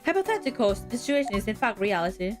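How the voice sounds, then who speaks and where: A woman's voice: medium pitch, big pitch swings, fast, music in the background, lightly acted. Woman voicing a haughty young prosecutor. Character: proud, sharp young female prosecutor.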